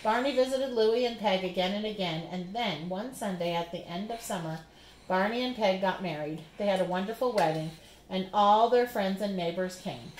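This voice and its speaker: A woman reads a children's picture book aloud in an expressive, storytelling way. Her voice sits at an ordinary middle pitch. The room adds echo, with a faint hiss underneath. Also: moderate pace. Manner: lively, expressive storybook narration. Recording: roomy.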